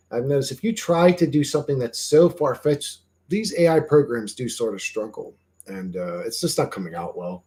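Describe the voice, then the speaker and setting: A man's voice: mid-range voice, a little mellow. A man hosting a livestream, chatting to viewers in a loose, rambling way, swearing casually and trailing off into fillers. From Greek heritage. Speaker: livestream host.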